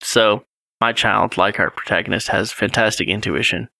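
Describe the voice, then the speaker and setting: A man's voice: on the low side, fairly even intonation, moderate pace, gravelly, sharp tone, no room sound. A man in his thirties, co-hosting a casual chat and animatedly retelling a gamebook read with his child, reading passages aloud with chuckles. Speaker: podcast co-host.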